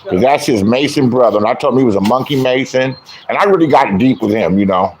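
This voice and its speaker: A man's voice: medium pitch, lively intonation, quick pace. A middle-aged man ranting in a crude, boastful storytelling style, acting out other people's lines in mocking voices. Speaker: online commentator, self-styled comedian and troll. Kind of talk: profane storytelling rant.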